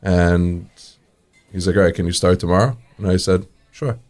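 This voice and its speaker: A man with a low, steady, slightly mellow voice talks at a normal pace. He's a restaurant owner being interviewed, casually telling stories, acting out the dialogue in his anecdotes and chuckling often.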